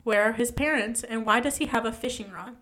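A woman's voice: fairly high pitch, brisk, fairly bright tone. Casual young woman reading aloud. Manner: casual, stumbles and self-corrects while reading. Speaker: podcast host reading a ghost story. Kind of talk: reading a story aloud with asides.

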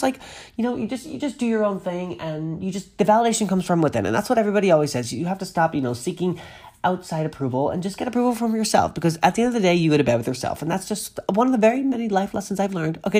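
A woman's voice: low-pitched, a little mellow, husky. A woman from Massachusetts, sniffly from a cold, reads a news article aloud and keeps breaking off into gushing asides and tangents. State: getting over a cold, sniffly. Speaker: vlogger. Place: at home with a pet on her lap.

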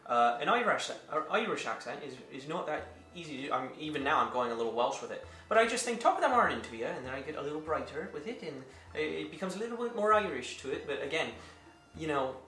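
A man chats loosely about acting, his tone bright and energetic. He often trips over his words and restarts, and he sounds set back from the mic in an echoey room. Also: on the high side, distant mic. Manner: animated, stammers and restarts often. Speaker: podcast cast member. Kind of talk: casual chat.

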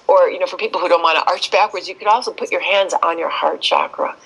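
A woman speaking as an expert guest in a podcast interview, telling stories with lively shifts and acting out quoted voices. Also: on the low side, gravelly, breathy edge, poor audio.

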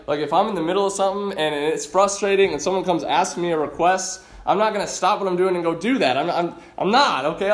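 Male pastor, high-pitched, casual and emphatic sermon delivery, stumbles and restarts often. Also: echoey room. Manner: conversational, emphatic, frequent restarts.

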